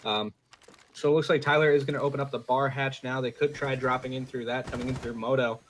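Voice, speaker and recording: A man giving live color commentary on an esports match, analyzing teams in a relaxed, loose way. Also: medium pitch, fast, slight background noise. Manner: analytical, relaxed, many "you know" fillers. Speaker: esports caster.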